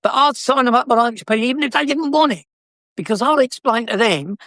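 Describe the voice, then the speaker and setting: A man's voice: very high-pitched, animated, a little fast, pushed and bright, no room sound, studio quality. An older man with a South London accent, a former car dealer telling stories in a chatty, cheeky way with frequent laughs. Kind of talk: anecdotal storytelling.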